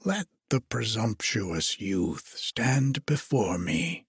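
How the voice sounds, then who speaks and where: A man's voice: fairly low pitch, big pitch swings, slow pace, creaky, husky, dry recording, clean studio sound, heavily acted. A man putting on an old gloating witch. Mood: taunting.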